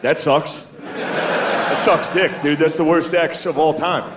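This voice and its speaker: Fairly high-pitched and steady, a man takes it slowly through a stand-up comedy set on a club stage before a live audience. He tells crude, self-deprecating stories with put-on voices, and the live recording has a noisy background of loud crowd laughter.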